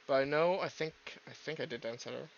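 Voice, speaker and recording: A man's voice: medium pitch, fast, lo-fi sound, slight background noise. A man hosting a gaming video, rambling in casual commentary, swearing freely and poking fun at himself.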